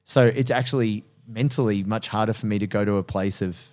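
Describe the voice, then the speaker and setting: A man's voice: lowish voice, fairly quick, darkish tone. A man hosting a casual podcast, talking animatedly about jiu-jitsu coaching, laughing often and swearing casually.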